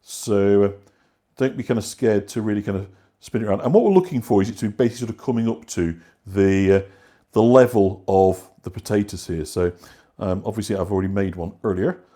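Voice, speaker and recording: A man's voice: fairly low pitch, fairly quick, mellow. A man hosting a live cooking class, rambling casually with fillers while he cooks and answers viewers. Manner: rambling, conversational, many fillers and restarts. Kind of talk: live online cooking demonstration.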